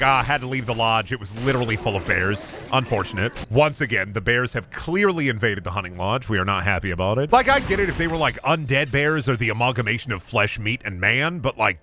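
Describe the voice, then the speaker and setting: Animated young male gaming streamer. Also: mid-range voice, a little hiss or hum. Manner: goofy, animated, jumps into bits and voices. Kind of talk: casual live-stream commentary.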